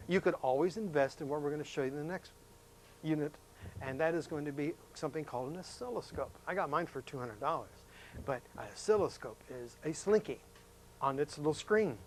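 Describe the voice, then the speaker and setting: A folksy male science teacher walking students through a lesson, his voice sitting a little higher than most men's. He talks in a chatty way, keeps asking questions of his class, and jumps up in pitch to stress a point. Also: a little hiss or hum.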